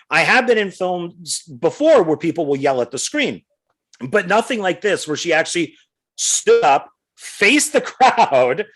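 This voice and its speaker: A middle-aged man co-hosting a podcast, telling a rambling story in a casual, animated way. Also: a little high. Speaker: podcast co-host.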